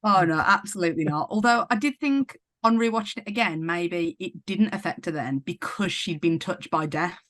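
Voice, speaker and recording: A woman's voice: on the low side, moderate pace, hardly any pauses, a bit bright, no room sound. A woman guest on a podcast, thoughtfully offering her take on a horror film. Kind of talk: casual film discussion.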